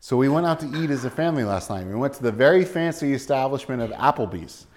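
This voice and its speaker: A man's voice: animated, quick pace. Man preaching a conversational sermon. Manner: conversational preaching with jokes and acted-out quotes; drops to a soft, low voice on key points. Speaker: pastor.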